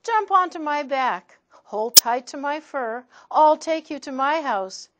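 A woman reading aloud and voicing a big, gentle male dog in a children's storybook, in a raised, coaxing voice. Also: sits high, expressive, slow, muffled recording, voice pushed up, full character voice.

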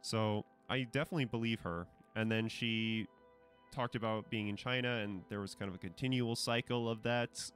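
A man with a fairly low voice talks through his commentary in a loose, conversational way. He hedges often and fills pauses with ums and restarts. Faint music plays underneath. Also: fairly bright tone. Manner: conversational, hedging, many fillers and restarts. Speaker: commentary channel host. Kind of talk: casual spoken commentary.

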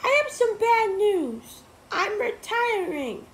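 A woman's voice: very high voice, big pitch swings, takes it slowly, pitched above the performer's own voice, full character voice. A woman voicing a stern, grumpy female teacher close to retirement, barking orders at her class. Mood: bossy. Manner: bossy, shouting orders at the class. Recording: roomy echo, faint noise.

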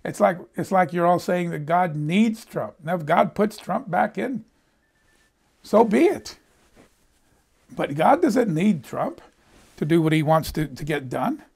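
A man's voice: high voice, expressive, measured pace, gravelly, long pauses, a little mellow, husky. An older American man giving a sermon, telling personal stories in a conversational way and often repeating words as he restarts a sentence. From United States. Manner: conversational storytelling, repeats words when he stumbles. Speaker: preacher.

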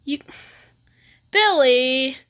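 High, bright, exasperated woman reacting. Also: expressive, extremely slow. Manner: bewildered, exasperated running commentary with stammered restarts. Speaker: reaction video host. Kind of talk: comedic music video reaction.

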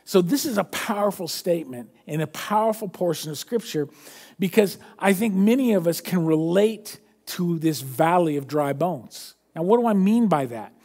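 Pastor guy preaching, kinda high voice, reads verses then chats through them, goes quiet and low on the quotes. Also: expressive, moderate pace, husky. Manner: reads scripture aloud, drops low and soft for quoted lines; self-correcting, conversational preaching. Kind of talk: sermon.

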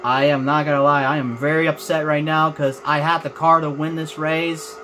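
A man's voice: on the high side, little pitch movement, moderate pace, bright, forceful tone, a little hiss or hum. Frustrated young man commentating a race game. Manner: frustrated, repetitive, talks to viewers. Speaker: gaming channel host. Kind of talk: racing game let's play commentary.

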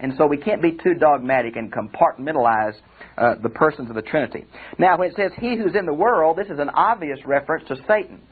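An older pastor with a drawl teaches through a Bible passage in a chatty, friendly way. His voice sits a bit high and sounds husky. The audio is thin and tinny, like a phone line. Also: fairly quick. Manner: conversational, addresses listeners as friends. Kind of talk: recorded Bible commentary lecture.

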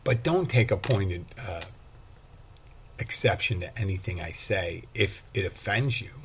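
A man's voice: low voice, unhurried, slight background noise. A male bartender hosting his own podcast, talking alone in a rambling, self-deprecating way. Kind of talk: casual solo monologue.

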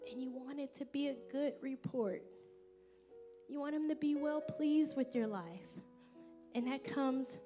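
Woman pastor preaching, fairly high voice, really expressive and chatty, soft music behind. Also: unhurried. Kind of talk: sermon. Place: church service.

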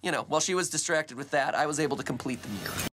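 A man's voice: fairly high pitch, animated, very fast, noisy background. A man on a reality show recapping and joking, squeamish and exclaiming. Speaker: game contestant. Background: music.

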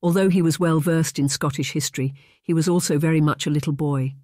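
An audiobook narrator reads in an even, measured way, with a voice of middle pitch. The sound is dry and close, with no room around it. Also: dry recording. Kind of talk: scripted narration.

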